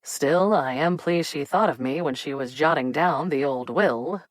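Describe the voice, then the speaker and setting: Woman voicing a smug young male playboy, slow theatrical drawl, low voice, dry close audiobook sound. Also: no room sound. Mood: breezy. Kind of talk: audiobook character reading.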